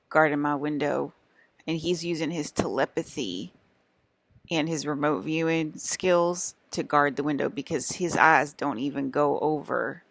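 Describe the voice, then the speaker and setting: Gravelly young woman rambling to camera. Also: low voice, fairly bright tone, no echo. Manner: meandering, repetitive, with many fillers and restarts. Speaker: vlogger. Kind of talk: casual rambling monologue.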